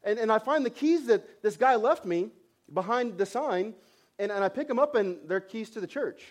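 A man in his thirties, a pastor preaching, telling a self-mocking story with animated delivery and frequent restarts. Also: high voice, normal speed. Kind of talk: sermon storytelling.

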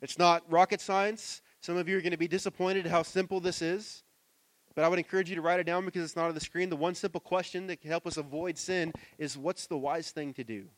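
A man in his thirties, a pastor, preaching a sermon in a church, conversational and personal, dropping to soft asides and rising to loud emphatic stretches. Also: on the high side, fairly even intonation, a little fast, no room sound.

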